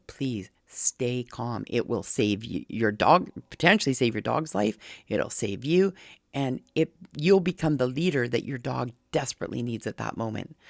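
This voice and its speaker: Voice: mid-range voice, gravelly, no room sound, clean studio sound. A dog behavior commentator reacting to a video clip, speaking earnestly and pleading with viewers, repeating key points with frequent restarts. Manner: frequent restarts and verbal fillers.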